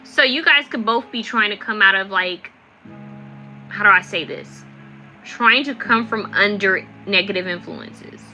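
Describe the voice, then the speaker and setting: Woman, young adult, live tarot reader, very bright tone, rambling chatty delivery, faint background music. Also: medium pitch, a little slow, rough recording. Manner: chatty and rambling, lots of fillers. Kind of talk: live-streamed tarot reading.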